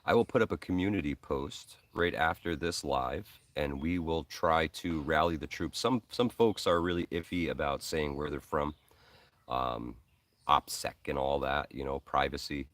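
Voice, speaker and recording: A man with a very low, deep voice hosts a casual live stream, rambling along with plenty of ums and uhs. He talks like he's chatting with friends, answering viewer comments as they come in. He sits a little back from the microphone. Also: fairly bright tone, no room sound, far from the mic. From Hudson Valley, New York. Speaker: host of a preparedness live stream.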